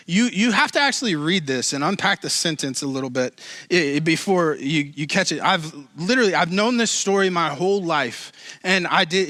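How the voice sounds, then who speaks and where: Bright-voiced man preaching a casual sermon. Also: on the high side, expressive, moderate pace, dry recording, clean studio sound. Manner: joking asides, rising to emphatic preaching. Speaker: pastor. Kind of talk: conversational sermon.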